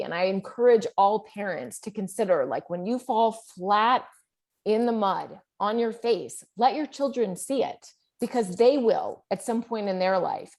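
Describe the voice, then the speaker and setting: A middle-aged woman talking as a guest author in an interview, candid and animated, with plenty of fillers as she tells her story. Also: mid-range voice. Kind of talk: conversational interview.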